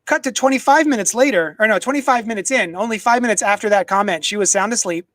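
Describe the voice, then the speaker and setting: A man's voice: high voice, fast talker, a bit bright, no room sound, low-quality recording. A man casually chatting on a live stream from his home desk, rambling and reading viewer comments aloud into a desk microphone. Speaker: comics unboxing streamer.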